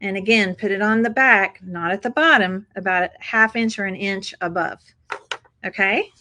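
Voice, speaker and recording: A woman walks her viewers through a craft project at her table, chatty and upbeat, calling them "you guys." Her voice sits at a middling pitch, casual and friendly in tone. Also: normal speed, bright, forceful tone, slight background noise, poor audio. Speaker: craft tutorial host.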